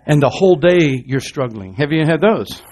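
A middle-aged man preaching a sermon in a church, asking the congregation questions and moving between loud rousing lines and quiet low ones. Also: expressive, moderate pace. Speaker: pastor.

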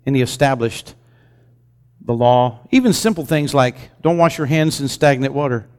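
A man's voice: medium pitch, lively intonation, moderate pace, smooth. A man preaching a sermon in a church, speaking conversationally and often putting questions to his congregation. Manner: conversational storytelling. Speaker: pastor. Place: church sanctuary. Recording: long reverb from a large hall.

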